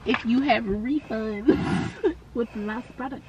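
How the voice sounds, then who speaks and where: A woman friend talking playfully and teasing in slow, easy speech. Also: a little high, fairly even intonation, dull audio. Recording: distant voice with loud noise.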